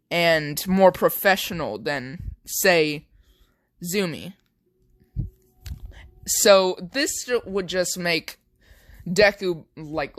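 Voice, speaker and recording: A man's voice: high voice, a bit bright, no echo. A young man casually narrating an improvised fan story, rambling with many fillers.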